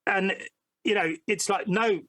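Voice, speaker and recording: Male podcast guest, digressive and full of pauses and ums, with a slightly high voice recorded dry. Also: steady tone, bright, forceful tone, no room sound. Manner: rambling, hesitant, many ums. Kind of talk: conversational podcast interview.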